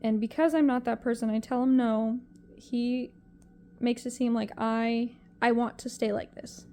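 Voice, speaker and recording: A young woman talking to camera in a confessional vlog, emotional and halting as she rambles through a hard week. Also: on the high side, steady tone, warm tone, smooth. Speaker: vlogger.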